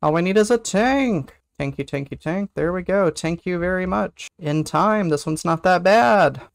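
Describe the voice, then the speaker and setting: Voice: medium pitch, moderate pace, vocal fry, no room sound, clean studio sound. A livestream host chatting casually over online gameplay, teasing teammates, humming to themself and whooping at good moments. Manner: chatty, teasing, hums and sings to self, excited whoops.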